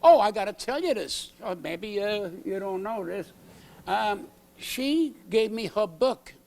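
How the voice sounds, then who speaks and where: Older guy comic, gravelly and highish, ranting brash stories on a talk show set. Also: animated, measured pace, a little mellow. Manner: brash, aggrieved storytelling, acts out quoted exchanges. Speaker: comedian guest. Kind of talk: late-night talk show interview. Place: TV studio set.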